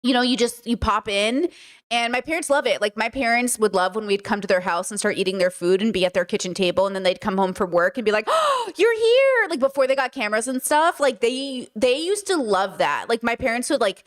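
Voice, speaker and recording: A young woman hosting a live stream, chatting casually and telling family stories with lively acted-out quotes. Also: mid-range voice, a little fast. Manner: animated storyteller, acts out family members' lines. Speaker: streamer host.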